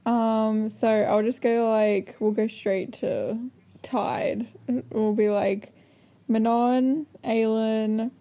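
Chatty young woman with a mellow voice. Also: a little high, steady tone, drawn-out words. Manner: giggly, chatty, lots of fillers. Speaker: podcast co-host. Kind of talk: casual chat.

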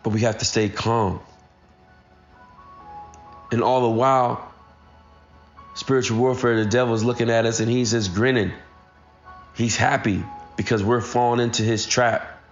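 A man's voice: medium pitch, fairly even intonation, measured pace, pauses often, dull audio, soft background music. A man in his thirties giving a casual, earnest motivational talk straight to his listeners. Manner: earnest, addresses listeners directly. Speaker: motivational speaker.

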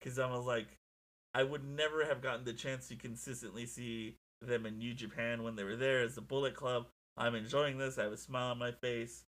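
A young man chatting casually as a podcast co-host, telling stories in an excitable, animated way with lots of swearing. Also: medium pitch, a little fast. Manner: excitable, profane, animated storytelling. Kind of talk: casual chat.

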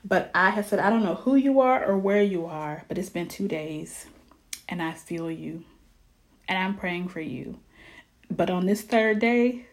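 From her home in Ohio, a woman vlogger has a casual, heartfelt chat with her viewers about her faith. Her mid-range voice moves slowly and earnestly, sometimes dropping to soft near-whispers before bursting into lively emphasis.

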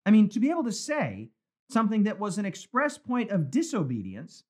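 A male pastor teaching a Bible study in an animated, conversational way. His voice sits high and rises and falls a lot. He stresses points by repeating words, and he sounds like he is talking into a phone or webcam for a live stream. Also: brisk. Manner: animated, conversational, emphatic repetition.

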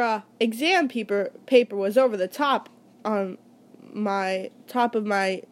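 A woman reading aloud as a sarcastic old male history teacher, drawing out his words with slow mockery. The voice sits fairly high, and the reading is relaxed and plain, with a slip here and there.

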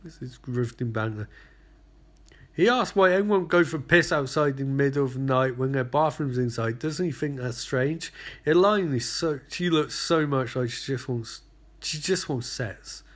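A man's voice: mid-range voice, moderate pace. A man recapping a TV show in sarcastic, profane commentary full of rambling asides.

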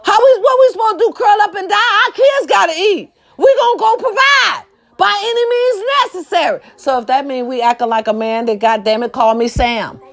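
A woman ranting to camera, blunt and profane, firing rhetorical questions and swinging between shouting and low muttered asides. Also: animated, fairly quick. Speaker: social media commentator. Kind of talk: impassioned rant to camera.

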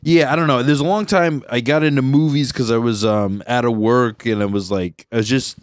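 A man's voice: medium pitch, a little fast, no room sound, studio quality. A man hosting a podcast, chatting casually in a joking, rambling way and laughing often. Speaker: podcast host. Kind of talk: casual comedic chat.

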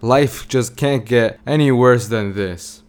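A man voicing an angry, bitter male cobbler who talks loudly and with scorn, as part of a spoken story. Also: mid-range voice, normal speed, clean tone, lightly acted. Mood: scornful. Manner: loud, scornful, complaining.

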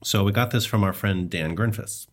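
A man co-hosting a podcast, chatting casually with relaxed, hesitant pacing and many fillers. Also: on the low side, normal speed. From United States. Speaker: podcast co-host.

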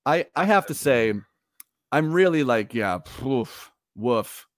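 A man's voice: mid-range voice, expressive, slow pace, dry recording, studio quality. A man co-hosting a podcast in casual chat, chatty and rambling, often laughing. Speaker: podcast co-host.

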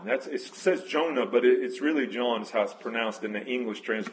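A man's voice: medium pitch, steady tone, moderate pace, few pauses, slight background noise, rough recording. A man preaching a conversational sermon, telling scripture stories earnestly and correcting himself as he goes. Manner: emotional, moved near tears.

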